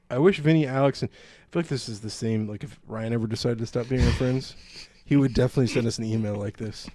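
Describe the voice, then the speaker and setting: A man co-hosting a gaming podcast in casual chat, reading headlines and riffing on them with jokes. His voice sits at an ordinary middle pitch. The sound is dry and close, with no room around it. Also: fast talker, hardly any pauses, warm tone, no room sound. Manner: joking, reads headlines and riffs on them. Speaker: podcast co-host.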